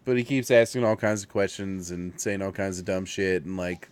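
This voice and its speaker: A man's voice: low voice, fairly even intonation, normal speed, smooth. A man hosting a casual late-night stream chat over a video call, loose and laid-back, swearing freely. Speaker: show host. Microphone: video call mic.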